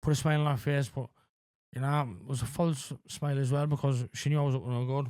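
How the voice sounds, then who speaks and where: A man in his forties talking candidly as a podcast guest, halting with lots of fillers and frequent swearing. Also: mid-range voice, fairly even intonation, a little mellow, clean tone, dry recording, clean studio sound. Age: 40s. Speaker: podcast guest in addiction recovery. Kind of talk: candid conversational interview.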